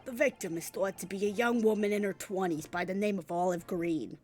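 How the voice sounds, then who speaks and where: A woman voicing a brisk male police inspector in a game, matter-of-fact in tone. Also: mid-range voice, a little mellow, natural voice. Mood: businesslike.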